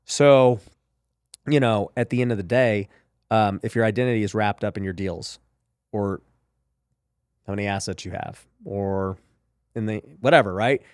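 A man's voice: fairly low pitch, moderate pace, long pauses, darkish tone, dry recording, studio quality. A man hosting a podcast, talking casually and emphatically about faith and business, peppered with "you know" and "right?". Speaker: podcast host.

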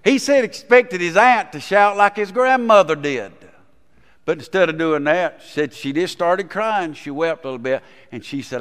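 A man's voice: high-pitched, animated, normal speed, fairly bright tone, clear, resonant tone. A man, a pastor preaching a sermon in a folksy storytelling manner and putting questions to the congregation. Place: church sanctuary. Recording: long reverb in a church sanctuary.

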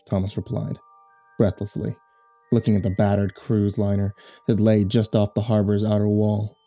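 Low, mellow male horror narrator. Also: level tone, faint music behind. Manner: measured storytelling delivery.

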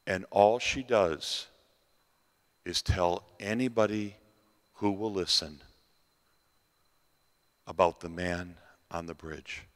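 Male festival preacher, low voice, long hall reverb, dramatic storyteller with repeated phrases. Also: takes it slowly, long pauses. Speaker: festival speaker. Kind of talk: sermon storytelling.

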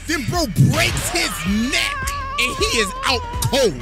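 A man casually narrating a comedic anime recap in an animated, playful way, full of crude slang. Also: extremely high pitch, takes it slowly. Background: music.

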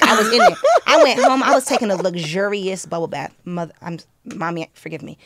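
A young woman with a fairly low voice telling a story in casual podcast chat. She is animated and excitable and swears freely. The sound is close and dry, with no room around it. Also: no echo. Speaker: podcast co-host.

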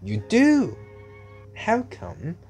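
A man's voice: high-pitched, wildly swooping pitch, extremely slow, warm tone, faint music behind, voice pushed up, exaggerated voice. A man voicing a young boy who is earnest and curious, asking eager questions in a raised voice.

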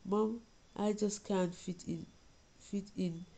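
Woman reading as an anxious young girl, gravelly. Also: medium pitch, fairly even intonation, slow pace, dark tone, rough recording. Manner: earnest, pleading, confiding. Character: young Jamaican girl writing to her mother, anxious. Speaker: reader of a short story. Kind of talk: storybook reading in a child's voice.

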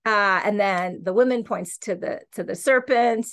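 A woman's voice: mid-range voice, moderate pace, fairly bright tone. Earnest woman teaching the Bible casually. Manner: earnest and conversational, with frequent "okay" and "right". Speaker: podcast host and Christian teacher.

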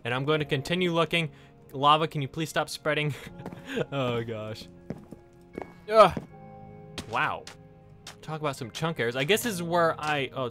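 Excitable male gamer, bright tone, big swings in pitch, chatting to viewers over faint game music. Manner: excitable, exclaims and laughs often; talks directly to viewers. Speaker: gaming YouTuber. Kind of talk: Let's Play commentary.

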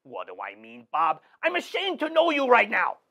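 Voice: mid-range voice, huge pitch swings, normal speed, fairly bright tone, exaggerated voice. Performer doing a grumpy ghost of a horror host, phone call, fake French accent, swooping voice. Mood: scolding. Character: cranky ghost of an old male horror host.

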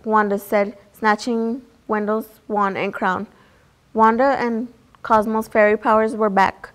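A woman's voice: medium pitch, fairly even intonation, measured pace. A woman reading a children's picture book aloud in a plain way, with small slips and restarts. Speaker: storybook reader.

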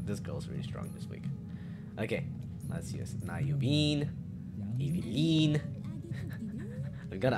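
A man commentating live on his own gameplay, swinging from loud cursing outbursts to low muttering as he plays. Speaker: game streamer. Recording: music playing behind the voice.

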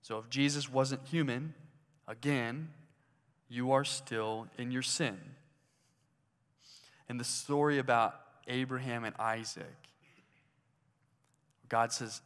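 A man's voice: mid-range voice, steady tone, measured pace, long pauses, a bit bright, clear, resonant tone. A man preaching a sermon in a conversational way, asking his listeners questions as he goes. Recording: hall reverb.

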